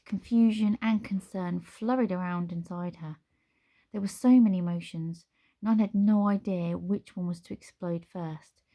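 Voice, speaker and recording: A woman reading a children's storybook aloud as narrator, with measured, expressive storytelling. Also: on the low side, gravelly.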